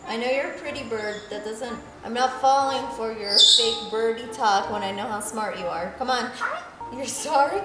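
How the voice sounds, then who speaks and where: A woman's voice: on the high side, moderate pace. A woman at home talking playfully and coaxingly to her pet parrots in a casual vlog. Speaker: parrot owner vlogger. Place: at home indoors. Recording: echoey room with background music.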